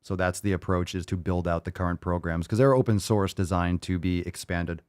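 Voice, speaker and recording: Male podcast host, blunt and joking, lower voice, dry close sound. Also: fairly even intonation, fairly quick, darkish tone, smooth, dry recording. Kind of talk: live Q&A chat.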